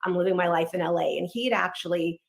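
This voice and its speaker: A woman in her thirties from Los Angeles tells her own story at a quick, candid clip. Her voice sits a little low for a woman. She slips quoted lines of dialogue into the telling as she goes. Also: gravelly. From Los Angeles, United States. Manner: fast, candid, animated retelling with quoted dialogue. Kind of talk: personal storytelling.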